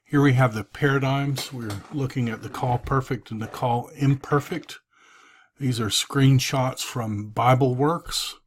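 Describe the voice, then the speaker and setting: A man teaching a recorded review lesson, drilling forms aloud in a slow, deliberate way with frequent fillers. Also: mid-range voice, fairly even intonation.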